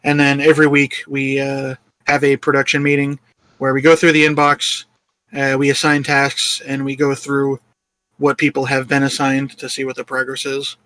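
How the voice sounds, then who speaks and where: A man's voice: mid-range voice, monotone, normal speed, pushed and bright, no echo. A man who leads a small game studio, chatting casually in an interview, jokey and self-deprecating with frequent laughs. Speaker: lead game developer.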